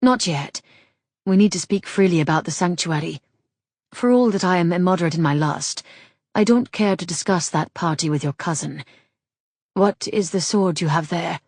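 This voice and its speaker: A brisk, sharp-tongued proper lady who talks crisply and gets straight to business, as a woman reads her in an audiobook. Her voice is low and slightly husky, with a dry close sound. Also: no room sound. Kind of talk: audiobook character voice.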